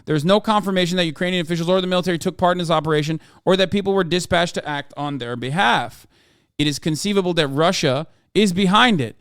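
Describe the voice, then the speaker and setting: A man's voice: sits high, fast, fairly bright tone, clean tone, dry recording, clean studio sound. A man streaming live, reading news articles aloud and breaking off into sarcastic, profane, heated commentary.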